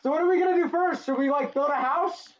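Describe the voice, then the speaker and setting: Woman host, high lively voice, giggly teasing gamer banter, slightly lo-fi audio. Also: fast, soft background music. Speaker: gaming channel host. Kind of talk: casual gameplay chat with friends.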